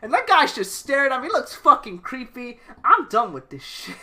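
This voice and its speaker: A woman's voice: sits high, very animated, moderate pace, pushed and bright. A woman ranting in a profane video game reaction, swearing constantly and breaking into laughter. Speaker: gaming video creator.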